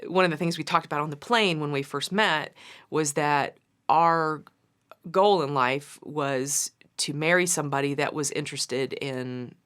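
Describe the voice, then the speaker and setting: A woman's voice: sits low, fairly bright tone, clear, resonant tone. A woman recounting how she met her husband in a candid, playful interview. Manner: candid, playful, quick asides. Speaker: business partner and wife. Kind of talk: documentary interview storytelling.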